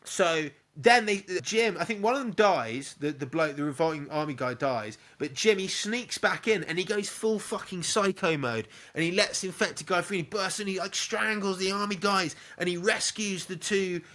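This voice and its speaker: A man's voice: sits high, moderate pace, hardly any pauses, fairly bright tone. A young man, a podcast co-host, retelling a film in casual, sweary chat and acting out bits with little sound effects.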